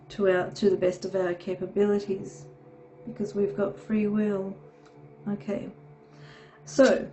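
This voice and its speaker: A woman with a cold-stuffed, nasal voice reads tarot cards at an unhurried pace. Her tone is mellow and soft, and she wanders between thoughts, checking in with "okay" as she goes. Faint music plays quietly underneath. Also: medium pitch, highs cut off. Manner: meandering, reassuring, frequent "okay". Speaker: tarot reader. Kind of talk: casual tarot reading to camera.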